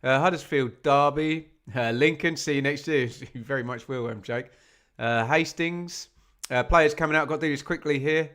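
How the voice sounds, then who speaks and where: A man's voice: fairly high pitch, normal speed, fairly bright tone. A man hosting a live football watch-along stream, chatting casually with viewers, reading out where they are watching from, and joking at his own expense. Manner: chatty, reads out viewer locations, self-mocking.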